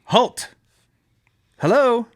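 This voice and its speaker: A man's voice: very high voice, animated, extremely slow, dry recording, studio quality, voice pushed up, full character voice. A man in his thirties playing an earnest, commanding legendary king, proclaiming in a raised, formal voice. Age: 30s.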